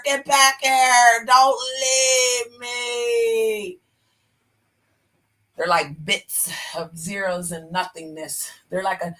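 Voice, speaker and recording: Brief: bright, sassy woman streamer preaching to her chat, emphatic, honey-this honey-that. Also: medium pitch. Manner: talks straight to her chat. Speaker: livestream host. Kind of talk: casual livestream monologue with preaching.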